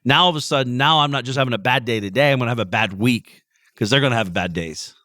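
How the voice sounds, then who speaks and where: A man's voice: mid-range voice, fast talker, pushed and bright, no room sound, clean studio sound. A man hosting a podcast, recorded outdoors while he has a head cold. He talks bluntly and with emphasis, and he swears a lot. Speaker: podcast host. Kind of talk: motivational monologue. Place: outdoors out back.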